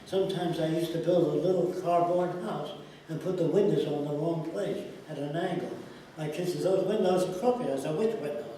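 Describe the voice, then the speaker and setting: A man's voice: on the high side, steady tone, moderate pace, mellow, slight background noise. A man explaining ideas through anecdotes, acting out the voices of the people in his stories. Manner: storytelling, acts out quoted dialogue. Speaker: interviewee. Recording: echoey room, distant mic, faint ambience.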